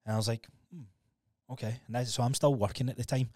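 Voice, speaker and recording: Fast-talking Scottish man, candid and sweary. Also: mid-range voice, fairly even intonation, a little mellow, dry recording, studio quality. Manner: candid storytelling, swears freely. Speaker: podcast co-host. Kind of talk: casual podcast chat.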